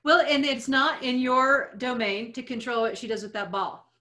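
A woman coach talks through listener questions in a calm, explanatory way. Her voice sits a little high, and she leans on everyday analogies to make her points. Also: normal speed. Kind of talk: advice podcast chat.

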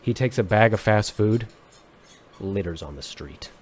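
A young man, a musician, on a podcast, chatting casually in a deadpan, mock-serious joking way. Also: lowish voice, unhurried. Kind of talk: casual comedic chat.

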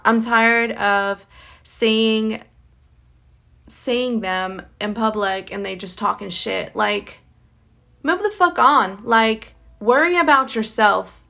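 A woman's voice: fairly high pitch, bright, forceful tone. A tired woman talking in a casual diary-style monologue, blunt and candid, swearing constantly and rambling with fillers and little laughs. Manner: blunt, candid, heavily profane. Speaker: podcast host.

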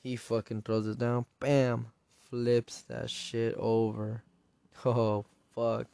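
A man's voice: mid-range voice, completely flat delivery, slow, creaky, warm tone, clear, resonant tone, dry recording. A man hosting a solo podcast, casually retelling and reviewing a show episode in a rambling, profane way. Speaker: podcast host.

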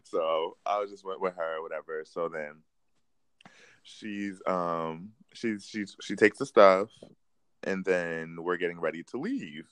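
A young man telling a funny story in casual chat, animated and slangy, often breaking into laughter. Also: sits low, slow pace, no echo. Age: young adult.

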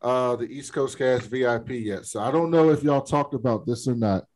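A podcast co-host with a medium-pitched voice speaks at a normal speed in a rough recording. He's in casual chat, animatedly retelling a story about a conversation and laughing often as he goes.

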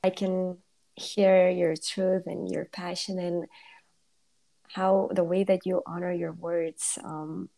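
A woman hosting a podcast interview, admiring and soft-spoken, with gentle laughs. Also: fairly low pitch, level tone, vocal fry. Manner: slow, warm-spoken, admiring, laughs softly. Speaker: podcast host. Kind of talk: casual interview talk.

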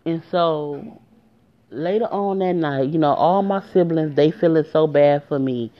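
On a dull lo-fi recording, a woman vlogger with a deep, slightly slow voice shares a personal story. She talks straight to her viewers in a casual, emotional, conversational way.

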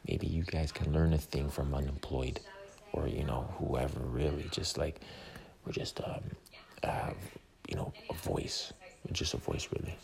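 A man's voice: extremely low pitch, fairly even intonation, measured pace, creaky. A man hosting a casual podcast, whispering and rambling as he talks through a movie in a theater. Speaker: podcast host. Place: movie theater during a film. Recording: crowded room, movie audio behind. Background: crowd chatter.

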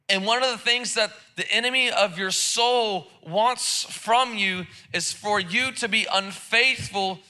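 A man's voice: high voice, bright, forceful tone. A man preaching a sermon in church, casual and joking, with lots of repeated words and restarts. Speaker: pastor. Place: church service.

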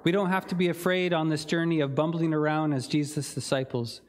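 A man's voice: on the high side, fairly even intonation, fairly quick. A man preaching a sermon in an earnest, reflective way, with some fillers and restarts. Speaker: pastor.

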